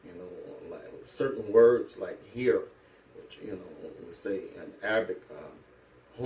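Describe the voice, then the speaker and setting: A middle-aged man from St. Louis, an Islamic teacher, telling his life story slowly with many pauses and hesitations. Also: on the low side, darkish tone. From St. Louis, USA. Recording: echoey room, mic at a distance.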